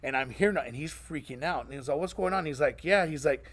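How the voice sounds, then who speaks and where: A man's voice: medium pitch, quick pace, slightly rough. A man streamer telling a gaming story in casual chat, acting out the voices of the people in it. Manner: animated, acts out voices in his stories. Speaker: streamer and interviewer.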